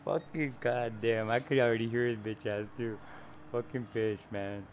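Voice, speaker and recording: A man's voice: medium pitch, moderate pace, muffled recording, slight background noise. Profane, laughing male game streamer. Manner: profane, laughing, animated storytelling. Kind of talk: casual gaming banter.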